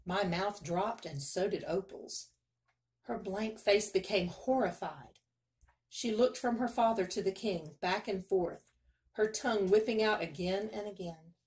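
A woman reading a children's novel aloud in steady first-person narration. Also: mid-range voice, measured pace. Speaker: reader. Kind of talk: storybook read-aloud.

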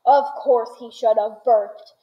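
A woman reading aloud voices an excitable, eccentric male candy maker who talks in bursts of boastful exclamation. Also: on the high side, slow, highs cut off. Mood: gleeful.

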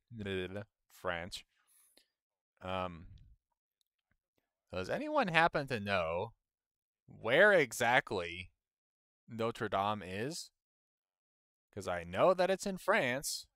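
This low-sitting male voice, a bit bright and clean in tone, belongs to an American gamer giving casual commentary on his stream. He grouses at the game, mocks himself and laughs a lot, all captured at studio quality with no room sound.

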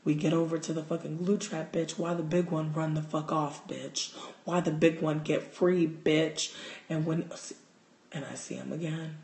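A man telling a wild story to his livestream in a casual, profane, animated way, recorded on a phone at home. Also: on the high side, moderate pace, vocal fry. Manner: animated, profane, gets loud and excited in the telling. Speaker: livestream host. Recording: roomy echo.

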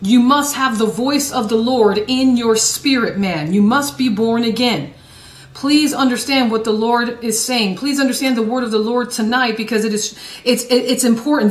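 Casting: fervent woman evangelist, high voice, echoey room, preaching a broadcast sermon. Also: moderate pace. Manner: fervent, repeats phrases, stumbles and restarts, voice rises to shouts.

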